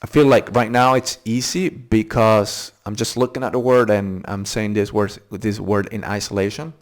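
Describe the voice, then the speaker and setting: A man hosting a casual, unscripted pronunciation lesson, repeating tricky words slowly syllable by syllable and thinking aloud as he goes. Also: fairly low pitch, steady tone. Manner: thinks aloud with fillers and restarts. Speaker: English pronunciation channel host.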